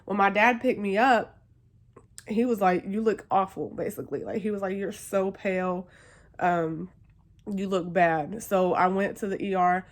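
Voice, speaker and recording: A woman's voice: medium pitch, steady tone, unhurried. A young woman vlogging, telling a personal story in a chatty, emotional way with lots of fillers. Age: young adult. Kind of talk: casual storytelling to camera.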